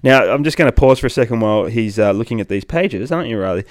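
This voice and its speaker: A man's voice: mid-range voice, animated, quick pace, no echo, studio quality. A man reading a comic aloud to his young child, playful and sing-song, with big reactions. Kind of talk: animated comic read-aloud.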